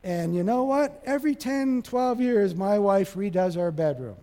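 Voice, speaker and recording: Male pastor, high voice, lively sermon delivery that jumps between loud and quiet, long reverb of a big hall. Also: normal speed. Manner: animated, acts out dialogue, shifts from loud to soft.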